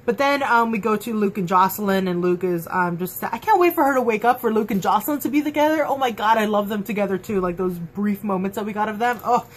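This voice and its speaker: A woman in a casual fan review, chatting at home in an excitable, gushing way full of fillers. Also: medium pitch, fast talker, hardly any pauses. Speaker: TV episode reviewer. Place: at home, dog nearby.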